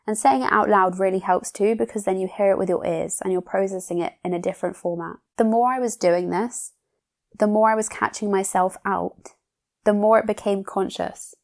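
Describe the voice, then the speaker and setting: A woman's voice: medium pitch, fairly even intonation, normal speed, gravelly, darkish tone. Earnest woman hosting a self-help podcast. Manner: earnest, coaching, uses rhetorical questions. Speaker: podcast host. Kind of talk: reflective solo podcast talk.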